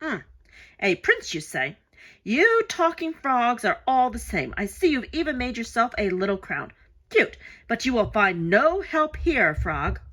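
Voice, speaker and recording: A woman's voice: fairly high pitch, big pitch swings, measured pace, fairly bright tone, pitched above the performer's own voice, full character voice. A woman voicing a grumpy, dismissive old witch who grumbles and talks curtly, from a storybook reading. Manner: grumbling, curt.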